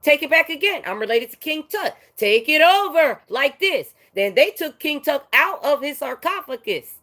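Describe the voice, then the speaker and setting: A woman with a somewhat high voice delivers an unscripted, profanity-laden rant straight to her audience. She swings between loud outbursts and low, muttered asides. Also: very animated, moderate pace, hardly any pauses. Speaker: vlogger.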